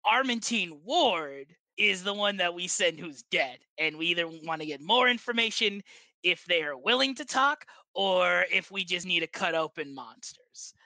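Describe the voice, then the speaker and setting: A game master narrates a tabletop game with a loose, rambling flow full of pauses and restarts. The voice is bright and sits close in a dry recording. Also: medium pitch, animated, no room sound. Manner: rambling, many fillers and restarts.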